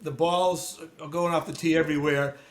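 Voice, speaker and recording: A man's voice: on the high side, normal speed. Boston man telling a story, echoey room. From United States. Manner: relaxed storytelling with many fillers and restarts. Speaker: guest, sales consultant. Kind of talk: casual interview chat.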